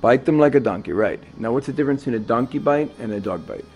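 Animated man teaching a Torah lesson. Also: medium pitch, quick pace, muffled recording, faint music behind. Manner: storytelling, animated with many restarts and asides.

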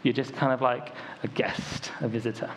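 A man's voice: medium pitch, flat delivery, moderate pace. A young man from the United Kingdom preaching a sermon to a church congregation in a casual, storytelling way, full of ums and likes. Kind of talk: conversational sermon. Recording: dull lo-fi recording, faint ambient noise.

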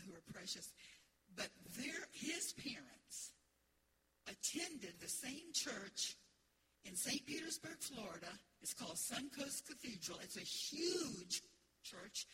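A middle-aged woman from the United States, preaching an emphatic, animated sermon as pastor in a church. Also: mid-range voice, noisy background. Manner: emphatic, animated preaching with laughter and call-outs. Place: church sanctuary.

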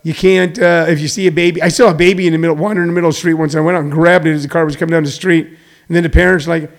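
A middle-aged man holds forth in a rambling comedic monologue, preachy and full of digressions. He lands his points loudly and trails off into mumbles, and his voice sits high for a man with a gravelly edge. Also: steady tone, racing. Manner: preachy, digressive, shifts between loud emphasis and muttering. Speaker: show host.

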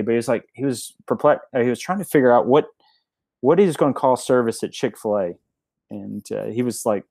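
A guest from a restaurant chain family tells a story in a casual interview, rambling with plenty of fillers and restarts. His voice sits at medium pitch and is a little mellow, captured dry.

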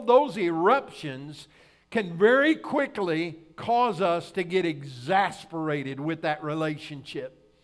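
A middle-aged male pastor with a high-pitched voice that rides above most men's, preaching in a folksy, storytelling manner. He keeps turning to the congregation with rhetorical questions as he makes his point. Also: fairly bright tone. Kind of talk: sermon with personal story.

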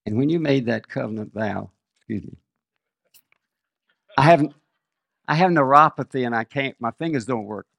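An older man preaching a sermon, reading scripture and telling personal stories in a slow, measured way. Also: medium pitch, gravelly, fairly bright tone, dry recording.

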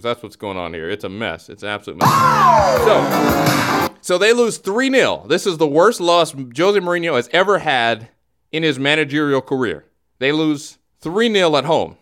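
A man hosting a comedy podcast, telling a story in an animated, rambling way with frequent restarts. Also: medium pitch. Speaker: podcast host. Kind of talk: comic storytelling talk show.

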